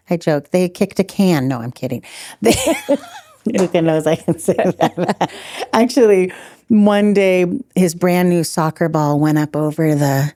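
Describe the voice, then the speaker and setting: A middle-aged woman telling stories as a podcast guest, animated, laughing often and acting out quotes. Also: on the low side, slow pace, dry recording. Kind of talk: storytelling in a podcast interview.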